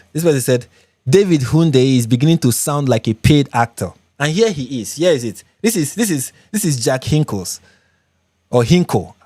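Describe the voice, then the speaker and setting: Brief: Nigerian male livestream host, emphatic, repeats lines for effect, lively delivery, dry sound. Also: a little high, breathy edge, no echo. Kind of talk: live reaction commentary reading viewer comments.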